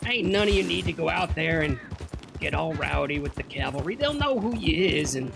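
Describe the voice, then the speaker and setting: A man playing a gruff, boastful male outlaw cowboy with a swaggering drawl. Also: fairly high pitch, animated, normal speed, over music.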